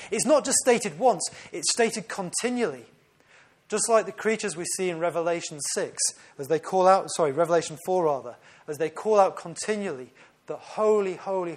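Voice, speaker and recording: High-voiced man preaching. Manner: earnest, with frequent self-corrections. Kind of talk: sermon.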